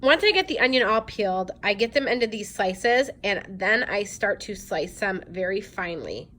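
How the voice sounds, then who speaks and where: A woman's voice: medium pitch, expressive, moderate pace, a bit bright. A woman in her twenties chatting to her viewers as she walks them through a recipe in her home kitchen, upbeat and casual. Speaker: lifestyle vlogger. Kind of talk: casual cooking vlog.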